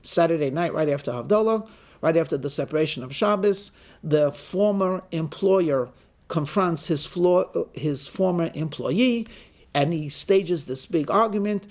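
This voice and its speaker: A man's voice: fairly high pitch, a little slow. A man, a rabbi, telling a story in a sermon and acting out the characters' lines. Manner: animated storyteller who acts out the characters' lines.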